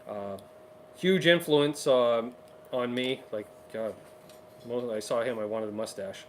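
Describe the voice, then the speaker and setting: A man's voice: medium pitch, a little hiss or hum. Chatty man hosting a guitar livestream. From Canada. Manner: chatty, upbeat, quick asides. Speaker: co-host of a livestream guitar show. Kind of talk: casual livestream chat reading viewer comments.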